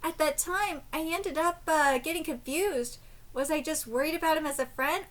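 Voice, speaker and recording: A woman live-streaming a manga reaction. She reads translated lines aloud in a quieter voice and breaks into shrieks, laughter and casual swearing as she reacts. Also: sits high, animated, fairly quick.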